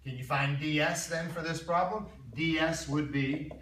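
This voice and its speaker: In an echoey classroom, a male math instructor lectures at normal speed with a fairly high, fairly even voice. He talks conversationally, repeats himself, and quizzes his students. The recording is roomy and distant, with faint noise.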